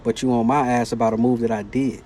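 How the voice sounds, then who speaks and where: Male vlogger, mellow timbre, casual animated storyteller, faint background noise. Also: mid-range voice, quick pace. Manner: animated, slangy retelling of a work conflict.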